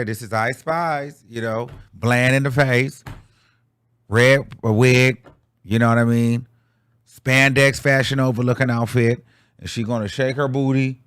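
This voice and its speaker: A man's voice: mid-range voice, no echo, clean studio sound. A young man giving candid, chatty commentary on a song, with frequent fillers and restarts. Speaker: music commentator. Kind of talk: casual commentary.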